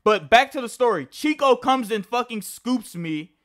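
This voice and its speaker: A man's voice: very high-pitched, lively intonation, moderate pace, a bit bright. A young man telling a casual personal story to camera, rambling and profane, often restarting his sentences. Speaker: vlogger.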